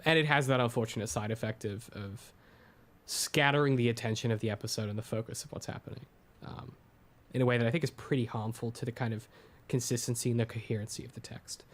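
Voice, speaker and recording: A man's voice: medium pitch, fast talker. An Australian man co-hosting a casual critical discussion, loose and swearing, with many ums and restarts. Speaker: podcast co-host.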